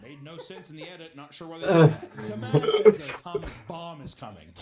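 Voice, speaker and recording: A man's voice: on the high side, brisk, a little mellow, echoey room, faint music behind. A man streaming casual, sarcastic commentary on a reality show, laughing often and swearing.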